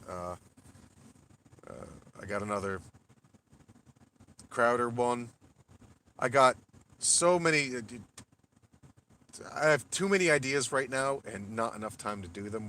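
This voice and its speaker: A man chatting casually with his audience at the end of a late-night livestream, loose and profane, getting excitable when he corrects a pronunciation. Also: lowish voice, a little hiss or hum. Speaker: livestream host.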